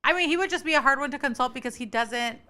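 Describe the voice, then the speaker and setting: A woman's voice: sits high, quick pace, pushed and bright. A woman guest on a podcast, a spiritual reader talking casually, blunt and confident, swearing freely.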